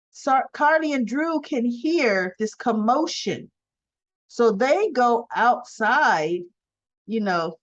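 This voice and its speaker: A woman recapping a soap opera episode in a chatty, rambling way full of fillers and asides. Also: on the high side. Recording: dull lo-fi sound.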